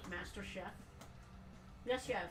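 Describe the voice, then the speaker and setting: A woman's voice: medium pitch, slow, a bit bright, faint music behind. A woman co-hosting a live toy sale, bantering casually with joking asides. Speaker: co-host. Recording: echoey room, mic at a distance.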